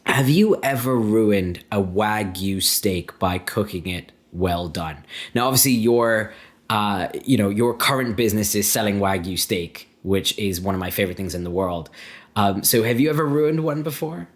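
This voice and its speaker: A man's voice: fairly low pitch, moderate pace. A man hosting a casual interview, reading out questions and reacting with enthusiastic praise. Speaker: host.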